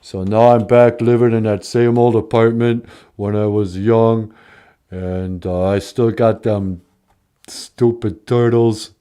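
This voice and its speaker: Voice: medium pitch, fairly even intonation, slow pace, dark tone, clear, resonant tone, close to an everyday voice. A performer doing a mumbling tough-guy impression of a washed-up male movie star, drawling. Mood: glum.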